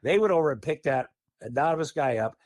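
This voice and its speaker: Male podcast guest, higher-pitched voice, lively and profane storyteller, close dry mic. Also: quick pace, no echo. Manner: animated, profane, laughing often. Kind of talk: casual storytelling.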